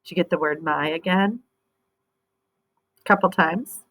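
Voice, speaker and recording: A woman's voice: lowish voice, unhurried, fairly bright tone, low-quality recording. A woman teaching a phonics lesson, patient and encouraging as she reads a story aloud and talks through the sounds.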